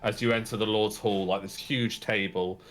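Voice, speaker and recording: A man with a low voice narrates a tabletop role-playing game as game master, talking loosely and restarting his phrases. Faint music plays in the background. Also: steady tone, moderate pace. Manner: casual, rambling narration with restarts.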